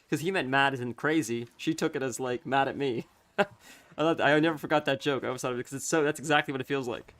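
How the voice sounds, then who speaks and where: A man streaming a game, chatting casually, thinking out loud in a rambling way and laughing easily. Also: medium pitch, fast. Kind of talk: casual chat while gaming.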